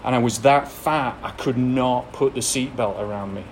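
A man with an English accent gives a candid personal testimony to an audience, mixing blunt confession with self-deprecating laughs. His voice sits at an ordinary middle pitch. A faint hiss of background noise runs under the recording. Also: moderate pace. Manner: frank, self-deprecating storytelling with frequent laughs. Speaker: speaker sharing a recovery story.

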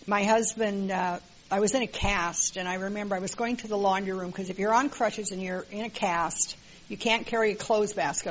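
A woman's voice: mid-range voice, a little hiss or hum, low-quality recording. Older woman giving a candid share. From American Midwest. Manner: plain, candid and wry, with many filler words. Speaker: support group member sharing. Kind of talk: personal testimony at a group meeting. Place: meeting room with a group.

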